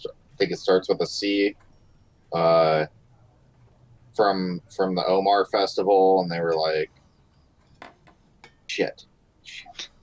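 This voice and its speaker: A man with a very low voice chats casually as a player at the table. He sounds unsure of himself and thinks out loud as he talks. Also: fairly even intonation, measured pace, long pauses, poor audio. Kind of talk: casual chat.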